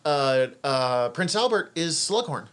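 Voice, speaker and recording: A man co-hosting a podcast in casual chat, animated and often swearing as he exclaims. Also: a little high, slow, clear, resonant tone. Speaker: podcast co-host.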